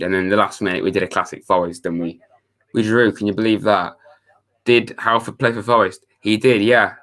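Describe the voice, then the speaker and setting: A man's voice: sits low, pushed and bright. A young man chatting casually to his viewers on a live stream, reading out their messages. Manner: chatty, reads chat messages aloud, laid-back.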